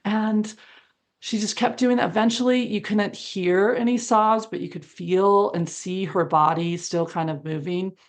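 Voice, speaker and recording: Animated woman telling a story. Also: medium pitch, measured pace. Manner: animated, acts out quoted dialogue with laughs. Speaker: interview guest. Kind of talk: storytelling in a conversational interview.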